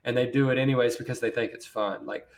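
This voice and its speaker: A man who co-hosts a podcast, chatting casually and giving earnest, measured advice. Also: medium pitch, fairly even intonation. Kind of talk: casual chat.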